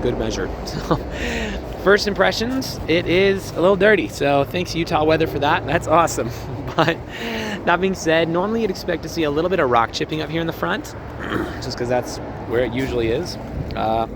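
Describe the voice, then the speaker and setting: A man working as a car salesman, giving a casual, upbeat walkthrough of a truck while laughing often. His voice is a bit hoarse, and he is recording outdoors on a cold car lot. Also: a little high, background noise.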